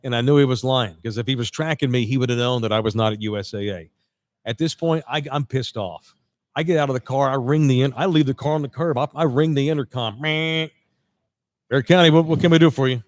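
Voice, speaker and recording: A podcast host with a medium-pitched voice tells a long story quickly in casual chat, with no room sound. He animatedly acts out both sides of the conversation, quoting others and restarting often.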